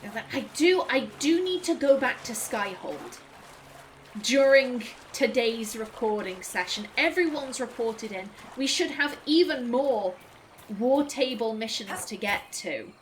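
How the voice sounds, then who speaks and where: A woman's voice: a little high, expressive, a little slow, a little hiss or hum. A woman giving casual, chatty gameplay commentary as a let's play host, politely apologizing to game characters.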